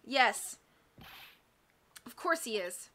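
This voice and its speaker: A woman's voice: a little high, lively intonation, extremely slow, sharp tone, heavily acted. A woman reading an earnest young lawyer.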